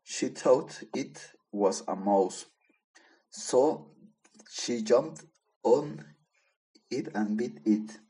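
A man's voice: mid-range voice, drawn-out words, long pauses, dark tone, low-quality recording. A man reading a simple-English story aloud, plain and careful, with small slips.

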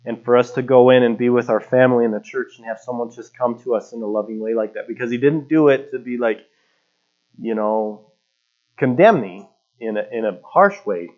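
A man's voice: medium pitch, darkish tone. A man in his thirties preaching a sermon as a pastor, talking conversationally and telling stories with casual fillers. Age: 30s. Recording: dull lo-fi recording.

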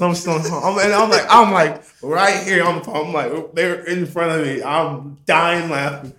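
A young man telling a story in casual chat, animated and profane, acting out quotes and laughing often. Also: fairly high pitch, normal speed, few pauses.

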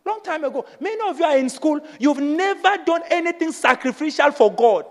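A man with a very high voice preaching a passionate sermon in a church. His delivery swings from hushed lines to loud, climbing shouts. The sound rings with long reverb in a big hall. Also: animated, brisk, few pauses. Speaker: pastor.

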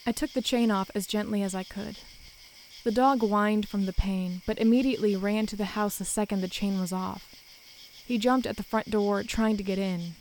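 A woman narrating a first-person horror story in a calm, measured way. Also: mid-range voice, a little hiss or hum, poor audio.

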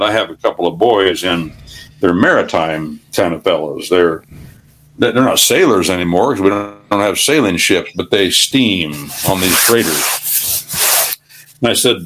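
A man's voice: sits low, measured pace, fairly bright tone, slight background noise. Folksy older man preaching on talk radio. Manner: folksy, preachy, rambling anecdotes. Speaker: radio show guest.

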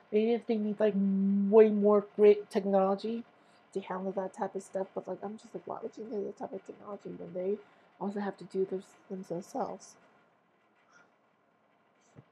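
A woman's voice: mid-range voice, a little mellow, breathy edge, rough recording. A woman hosting her own podcast, ranting in a profane, exasperated and sarcastic way. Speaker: podcast host. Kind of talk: casual ranting monologue.

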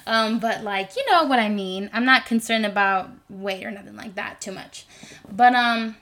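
Rambling, animated young woman podcaster. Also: medium pitch, normal speed. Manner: rambling, animated, lots of fillers. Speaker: podcast host. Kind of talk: casual podcast monologue.

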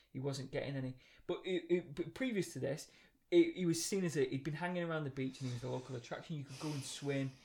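Animated man telling stories. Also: mid-range voice. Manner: animated storyteller, laughing often. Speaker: podcast co-host. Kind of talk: casual chat.

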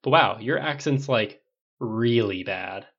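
Gangly teen delivery kid, voiced by a man, casual and cheeky, gravelly. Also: fairly low pitch, lively intonation, takes it slowly, fairly bright tone, muffled recording, exaggerated voice. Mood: joking. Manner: casual, blunt teasing. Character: gangly nineteen-year-old delivery kid, blunt and joking.

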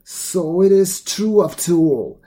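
A man's voice: high-pitched, animated, slow pace, warm tone, pitched above the performer's own voice. A man voicing a greedy beggar-to-be in a storybook, speaking in a raised, emphatic, pleading tone. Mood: anguished. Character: greedy, desperate man pleading, later remorseful.

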